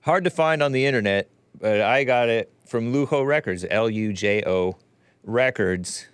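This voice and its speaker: A man's voice: medium pitch, moderate pace, clear, resonant tone, no room sound. Wry chuckling male show host. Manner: wry, chuckling, offhand asides. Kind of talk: casual live-stream commentary, reading viewer messages.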